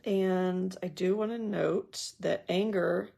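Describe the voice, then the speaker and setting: A woman's voice: on the low side, steady tone, slow, gravelly, mellow. A woman leading a casual Bible study. She reads scripture aloud and then talks through it in a thoughtful, conversational way with personal asides. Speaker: Bible journaling teacher.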